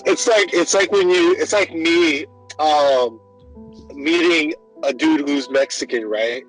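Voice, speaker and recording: A young man chatting on a podcast, with a slightly high voice that jumps way up whenever he acts out other people. He laughs through his stories and talks loosely, with light music playing faintly underneath. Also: slow pace, rough recording. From Filipino American. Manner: animated storytelling, laughing often, acting out voices. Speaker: podcast host. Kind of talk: casual chat.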